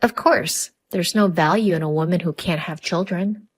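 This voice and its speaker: A woman's voice: fairly low pitch, normal speed, natural voice. A woman voicing a harsh, demanding middle-aged mother-in-law in a narrated story. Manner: cutting, demanding.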